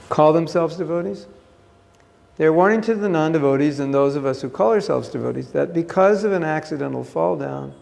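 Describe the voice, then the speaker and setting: A man's voice: a little high, vocal fry, a little mellow, big-room sound. A man giving a scripture class, reading a passage aloud and then explaining it with emphatic asides, recorded on a phone.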